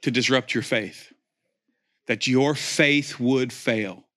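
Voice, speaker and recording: Male preacher, forceful bright delivery, builds to shouts, jokes in between. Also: mid-range voice, slow. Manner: animated, rising to near-shouts, joking asides. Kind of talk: sermon.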